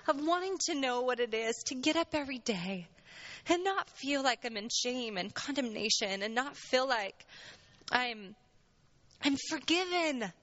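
Woman preacher, heartfelt and emotional, bright tone, muffled lo-fi church recording. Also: high-pitched, animated, normal speed. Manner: earnest, emotional, voice rising when moved. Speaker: church speaker. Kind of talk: sermon. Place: church sanctuary.

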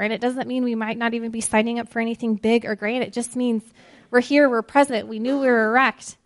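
Earnest woman giving a devotional talk. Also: on the high side. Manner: earnest, with emphatic slow pauses. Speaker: ministry speaker. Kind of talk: devotional sermon.

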